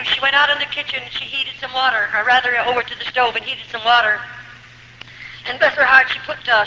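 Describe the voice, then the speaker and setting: An older woman gives a spoken religious testimony in a sharp, bright voice that rings through a reverberant hall. A faint hiss from old tape sits under her emotional storytelling. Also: fairly high pitch. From United States. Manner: emotional storytelling, acting out dialogue. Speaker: former nun giving her testimony.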